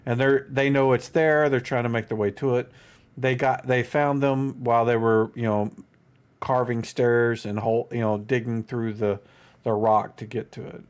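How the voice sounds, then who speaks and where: A man's voice: mid-range voice, little pitch movement, normal speed, clean tone. A man narrating as game master of a tabletop game, rambling loosely with many "you know"s and restarts. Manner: rambling, lots of fillers and restarts.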